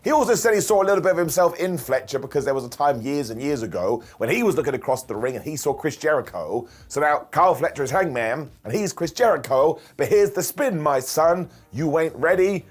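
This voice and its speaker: Chatty man with a lively voice. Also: mid-range voice, husky, faint music behind. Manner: chatty, wry, acts out wrestlers' lines in quick impressions. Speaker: wrestling show reviewer. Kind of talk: casual recap commentary.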